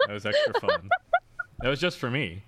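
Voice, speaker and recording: A man's voice: medium pitch, huge pitch swings, brisk, a bit bright. A man co-hosting a podcast who listens, laughs often and adds wry comments in short reactions. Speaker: podcast co-host. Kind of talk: casual chat, listening and reacting.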